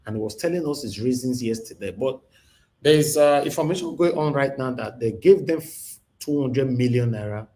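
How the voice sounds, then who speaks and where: Chatty talk-show host. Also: male voice, medium pitch, mellow. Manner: conversational, with many fillers and restarts. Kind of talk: live-stream talk show hosting.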